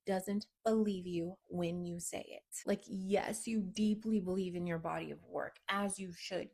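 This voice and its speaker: A woman business coach talking straight to camera, blunt and emphatic, swearing freely. She swings between loud, punchy lines and low, near-whispered asides. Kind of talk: direct-to-camera coaching talk.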